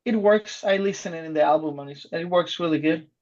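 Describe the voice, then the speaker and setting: A woman's voice: deep voice, brisk, darkish tone, lo-fi sound. A woman co-hosting a podcast in casual chat, cutting in with questions and urging the speaker to keep going. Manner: interjects, prompts the guest to keep going. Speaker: podcast co-host.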